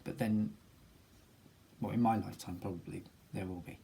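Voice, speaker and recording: A man's voice: low voice, fairly even intonation, moderate pace, creaky, mellow, a little hiss or hum, low-quality recording. A British man talking casually in a personal video diary, musing aloud with many ums and restarts. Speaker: vlogger.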